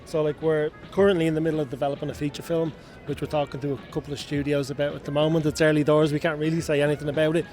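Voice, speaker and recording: An Irish man with a fairly high voice rambles chattily, filling his talk with "like" and "kind of". Faint music plays behind him on the trade show floor. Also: little pitch movement, racing, darkish tone. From Ireland. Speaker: entertainment lead for a toy brand. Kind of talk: casual trade-show interview.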